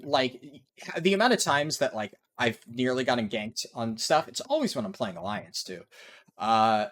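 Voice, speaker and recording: A man gives ranting commentary over his speedrun gameplay, swearing constantly and sounding exasperated. His pitch moves a lot, and his voice sits at a middle pitch for a man. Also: sharp tone. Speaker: speedrunner and video creator.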